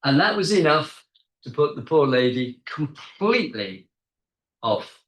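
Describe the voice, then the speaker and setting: A man's voice: medium pitch, big pitch swings, unhurried, a bit bright. A man giving an academic seminar talk as a guest lecturer, explaining in a conversational way with frequent hesitations, recorded in a seminar room. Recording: echoey room.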